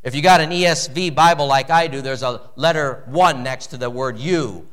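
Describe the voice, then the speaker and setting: A man preaching a sermon in a church, animated, with wide swings in pitch and loudness. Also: normal speed. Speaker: pastor.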